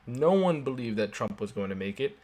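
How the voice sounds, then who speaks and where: A man's voice: mid-range voice, expressive, fairly quick, darkish tone, slight background noise. A man co-hosting a podcast in casual chat, blunt and emphatic in his opinions. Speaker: podcast co-host.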